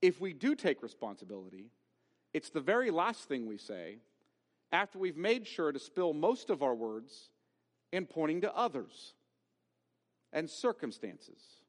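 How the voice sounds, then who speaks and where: Male pastor, fairly high, animated delivery, emphatic sermon, long church-hall reverb. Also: measured pace. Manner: emphatic, with rhetorical questions. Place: church sanctuary.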